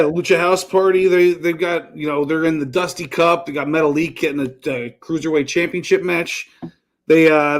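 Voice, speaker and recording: Man recapping matches in a steady voice. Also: on the high side. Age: under 40. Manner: steady recap, relaxed with fillers. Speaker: podcast co-host. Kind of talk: casual wrestling podcast chat.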